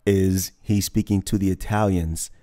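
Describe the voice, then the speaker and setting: A man with a fairly low voice hosts a casual reaction video. He comments loosely on a clip, laughs easily and drops the odd swear word. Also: steady tone, normal speed, warm tone. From United States.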